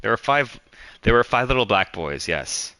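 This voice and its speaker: A young man hosting a livestream, telling a story in an animated, exasperated rant. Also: on the low side, moderate pace, smooth. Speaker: livestream host.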